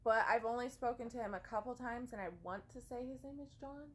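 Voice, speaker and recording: A woman's voice: a little high, fast talker. A young American woman, born in California and raised in Ohio, chatting playfully as a vlog co-host and reading out viewer comments. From USA (born California, raised Ohio). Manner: giggly, animated, playful. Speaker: vlogger co-host.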